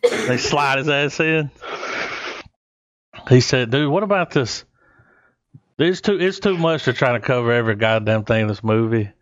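A man's voice: mid-range voice, normal speed, long pauses, fairly bright tone, dry recording, lo-fi sound. Man swearing through casual movie chat. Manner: swears freely, retells scenes acting out lines.

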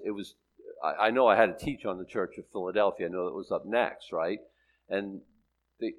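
A man's voice: lowish voice, low-quality recording. An older man teaching the Bible, reading scripture solemnly and then telling a story with many restarts. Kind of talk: sermon and storytelling.

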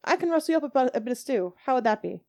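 A woman's voice: sits high, lively intonation, rapid-fire, darkish tone, pitched above the performer's own voice. A woman voicing a homely, talkative village landlady.

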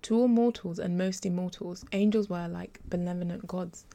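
Woman narrating a story, low gravelly voice, warm and mellow. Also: fairly even intonation, normal speed. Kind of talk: reading a story aloud.

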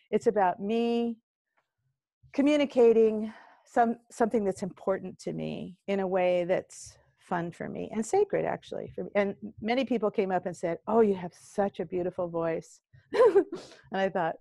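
In a casual interview, an older singer-songwriter who works as a courage coach shares stories at a measured pace, bringing quoted voices to life in animated fashion. Her voice is mid-range, and there's no room sound.

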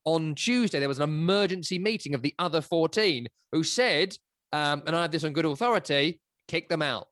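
Man, podcast co-host, lively pitch, dry close sound, opinionated football chat. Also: a little fast, dry recording. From England. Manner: animated, opinionated, sweeping rhetorical riffs.

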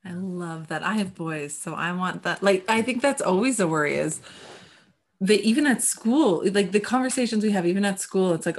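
Animated, emphatic woman host. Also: medium pitch, moderate pace. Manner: animated, emphatic, laughs often. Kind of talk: casual conversation.

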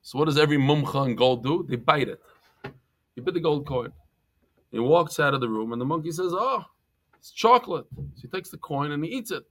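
A man teaching a Talmud class, lively and joking as he tells stories and mixes in Hebrew and Yiddish terms. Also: a little high, a little fast, a little hiss or hum.

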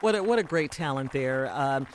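A man's voice: mid-range voice, animated, normal speed, noisy background. A male radio host interviewing a guest in the studio, upbeat and full of praise.

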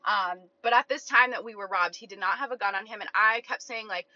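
Bright-voiced young woman telling a story. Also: medium pitch, fairly quick. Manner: chatty, heavy use of "like", quoting herself. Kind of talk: casual storytime vlog. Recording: slightly dull lo-fi sound.

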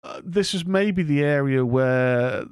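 A man's voice: fairly high pitch, lively intonation, slow pace, darkish tone, smooth, dry recording, studio quality. A man co-hosting a podcast, recapping a TV episode in casual, hesitant chat with lots of fillers. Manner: rambling, hesitant with many fillers. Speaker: podcast co-host.

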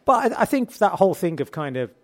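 A man leads a relaxed group conversation in a slightly raised voice, playful and quick to joke. He slips into bits of song and teasing asides as he talks. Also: high-pitched. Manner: playful, jokey, breaks into snatches of song. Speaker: host. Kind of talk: casual chat.

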